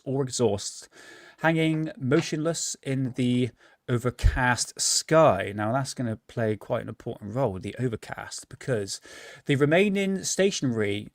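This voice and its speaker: Man reading haltingly, dry sound. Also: medium pitch, no room sound. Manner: reads stumblingly with asides and laughs. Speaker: podcast co-host. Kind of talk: casual live-stream chat and reading.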